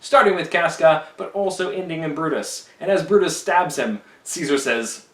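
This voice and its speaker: A man's voice: a little high, moderate pace, hardly any pauses, far from the mic. A man casually summarizing a play as a teacher, slipping into playful voices for the quoted lines. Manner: animated, slips into silly character voices for quoted lines. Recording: echoey room, voice a bit off-mic.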